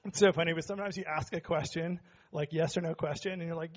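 A man with a notably high voice preaches to his church, teasing the congregation one moment and shouting the next. The recording sounds dull and lo-fi, as if captured on a modest sound system. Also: fairly even intonation, fast. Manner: joking with the congregation, rising to shouts. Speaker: pastor. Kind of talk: sermon. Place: church sanctuary.

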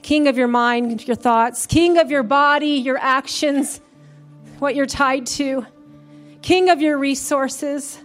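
A woman's voice: high voice, steady tone, slow, soft background music. A woman pastor preaching a sermon in a church, building to fervent, emphatic calls to praise. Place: church sanctuary.

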